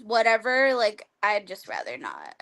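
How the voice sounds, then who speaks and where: A woman's voice: medium pitch, wildly swooping pitch, measured pace, creaky, a bit bright. A woman guest on a video-call talk show, chatting casually with a lot of "like" fillers and frequent laughter. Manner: chatty, lots of "like", laughs often. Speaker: guest wrestler. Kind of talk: casual interview chat.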